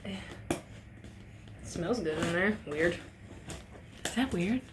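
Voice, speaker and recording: A young woman vlogging a casual unboxing at home, excitable and gushing, swearing freely. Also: lowish voice, slow, noisy background.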